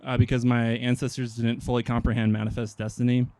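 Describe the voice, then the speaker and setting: Hesitant deadpan young man doing stand-up. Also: mid-range voice, quick pace, dry recording. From Nebraska. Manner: deadpan, hesitant with many ums. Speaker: stand-up comedian. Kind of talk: stand-up comedy set. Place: outdoor park stage.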